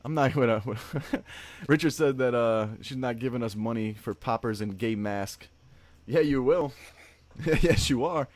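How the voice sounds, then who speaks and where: A man's voice: mid-range voice, measured pace, no room sound. A man hosting a casual livestream, rambling and joking, often tacking "man" onto his sentences and laughing. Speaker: livestream host.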